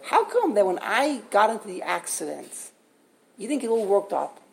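A woman's voice: medium pitch, big pitch swings, normal speed, vocal fry. A woman voicing a humble male yeshiva teacher who speaks sincerely and apologetically, told within a spoken lesson. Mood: wondering. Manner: apologetic and earnest.

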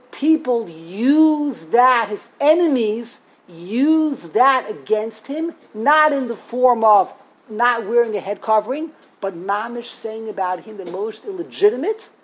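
A woman giving a storytelling Torah lesson, animated, acting out quotes and laughing as she tells it. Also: a little high, husky, low-quality recording. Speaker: Torah teacher.

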